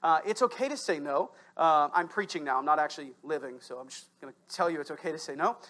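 A pastor preaching to his congregation in church, conversational with asides to listeners, swinging between loud emphatic bursts and quiet low stretches. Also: animated, fast. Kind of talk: sermon. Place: church sanctuary.

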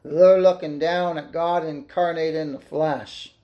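Fervent preacher man, fairly high voice. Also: fairly even intonation, unhurried, dark tone. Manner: fervent, exclaiming and asking the listeners questions; reads scripture aloud in old-fashioned wording. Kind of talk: sermon.

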